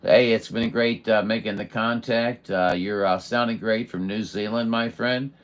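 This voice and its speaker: Folksy, low-voiced radio operator man. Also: fairly even intonation, normal speed. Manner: folksy, chatty, many fillers. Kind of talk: radio contact chat.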